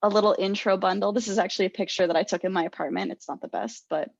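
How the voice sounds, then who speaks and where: A young adult woman co-hosts a podcast, chatting casually and telling stories with animation while laughing often. Her mid-range voice is gravelly and steady in tone, and she talks very fast. The recording sounds dull and lo-fi, completely dry with no room sound.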